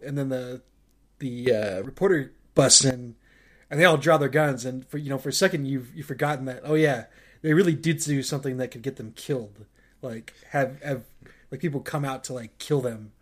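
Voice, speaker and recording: A man in casual conversation about a film, circling back over his words with plenty of fillers. His pitch sits in a plain middle range for a man. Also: moderate pace. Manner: rambling with many restarts and fillers. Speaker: podcast co-host. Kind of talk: casual movie discussion.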